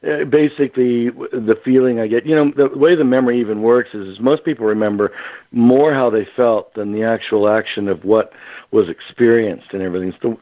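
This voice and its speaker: Brief: male radio guest calling in, animated storyteller, tinny phone-line sound, dry. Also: mid-range voice, a little fast, dry recording. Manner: animated, acts out quotes, laughs at himself. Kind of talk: casual storytelling on a radio call-in.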